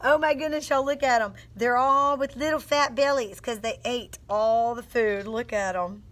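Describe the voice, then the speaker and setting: A woman's voice: a little high, normal speed. A woman teacher reading a picture book aloud to young children and coaching them through sounding out words. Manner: expressive storytelling with phonics coaching.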